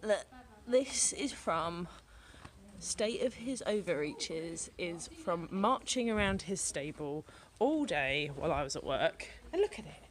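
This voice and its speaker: A woman's voice: lowish voice, big pitch swings, unhurried. A woman vlogging casually at a horse yard, chatting fondly to the animals. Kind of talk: casual vlog chat. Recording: background music playing.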